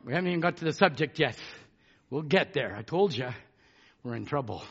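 A man preaching a fiery sermon, fervent, swinging between shouted declarations and hushed asides. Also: fairly high pitch, lively intonation, fairly quick, creaky, husky, highs cut off.

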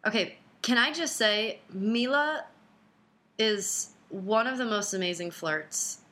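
A woman's voice: mid-range voice, takes it slowly, bright, forceful tone. A woman chatting casually, playful and teasing, gushing over her friend. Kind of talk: casual chat.

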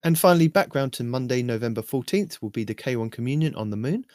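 Male host, scripted game news rundown, steady delivery, mid pitch, dry sound. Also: quick pace, no echo. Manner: steady, even list-reading delivery. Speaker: host of a weekly game update.

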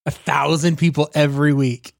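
Playful, animated male podcast co-host. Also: on the high side, normal speed, gravelly, no echo, studio quality. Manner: animated, playful, jokey asides. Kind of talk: casual chat.

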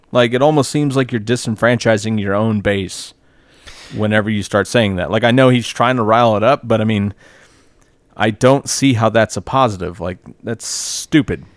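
A low-voiced man in a casual podcast chat, blunt and profane, padding his sentences with "like" and "I mean". The sound is dry and close, with no room around it. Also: smooth, no room sound. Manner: blunt, profane, filler-heavy with "like". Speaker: podcast co-host.

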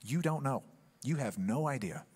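A man preaching a sermon in church, telling the story with humor and acting out quick asides. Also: medium pitch, animated, darkish tone, husky. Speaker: pastor.

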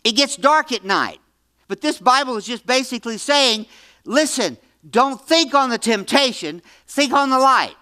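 A man in his seventies preaching a Bible-teaching sermon, emphatic, repeating phrases and swinging between loud and hushed. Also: extremely high pitch, animated, moderate pace, clear, resonant tone. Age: 70s.

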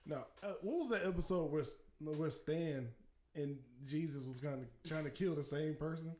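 A man's voice: on the high side, moderate pace, darkish tone, roomy sound. A man co-hosting a casual group chat, telling stories animatedly and laughing often. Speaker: podcast co-host.

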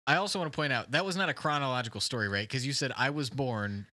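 A man hosting an improvised comedy podcast, talking in halting, filler-heavy bursts as he plays along with a guest. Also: mid-range voice, pushed and bright, dry recording. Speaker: podcast host.

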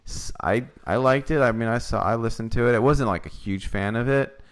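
A man's voice: mid-range voice, brisk. A man chatting casually as a podcast guest, rambling and giggling, with lots of fillers. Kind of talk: casual chat.

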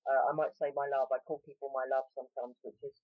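A woman's voice: a bass voice, flat delivery, fast, no echo. A woman from South London with a South London accent, chatting casually on a podcast, rambling and self-interrupting, calling people mate. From South London, England. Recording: dry tinny phone-like line.

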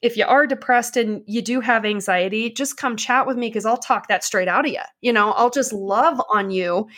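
A woman in casual conversation, telling stories in an energetic, passionate, self-mocking way. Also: fairly high pitch, normal speed.

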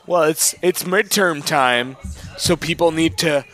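A man's voice: on the high side, a little slow, fairly bright tone. A man co-hosting a podcast, telling a rambling story in casual banter with stumbling restarts. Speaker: podcast co-host. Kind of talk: casual banter between friends.

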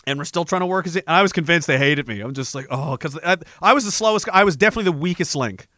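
A man's voice: a little high, lively intonation, racing, sharp tone, no echo, clean studio sound. A man in his twenties, a military veteran, casually telling a profane, self-mocking story and laughing often.

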